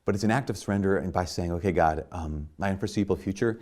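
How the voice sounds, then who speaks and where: A man's voice: deep voice, fast, darkish tone. A man, a priest, giving a sermon in a conversational way, full of restarts and "like", at times rising to emphatic bursts.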